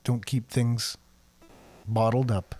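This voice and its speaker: A man's voice: mid-range voice, fairly even intonation, takes it slowly, darkish tone, husky. A male talk show host with a slight cold, reading viewer comments and chatting in a loose, laughing way. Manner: chatty, laughs often, restarts sentences. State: slight cold, voice a little deeper.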